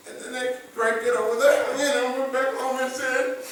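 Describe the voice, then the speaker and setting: A male pastor telling a story in a sermon, dramatic, swinging between loud and hushed. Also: extremely high pitch, flat delivery, moderate pace, slight background noise. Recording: echoey hall, picked up from far off.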